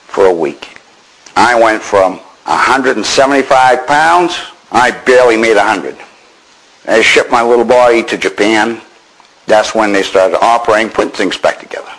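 Older man from Maine, lowish voice, wry understatement, personal storytelling. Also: moderate pace, a bit bright, poor audio. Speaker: veteran telling his war story.

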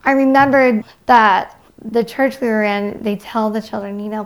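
Earnest woman with a gravelly edge. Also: a little high. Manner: earnest, halting, reflective. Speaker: near-death experience witness. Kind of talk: personal testimony.

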